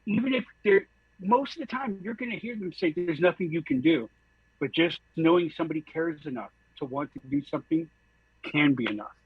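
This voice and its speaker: A man from San Francisco joins a podcast as a guest, talking earnestly and leaning on "like" as he goes. His voice is a touch husky and sits somewhat high, and the recording is dry and dull, in lo-fi. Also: expressive, brisk, dry recording. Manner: earnest, with many "like" fillers. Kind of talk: casual podcast chat.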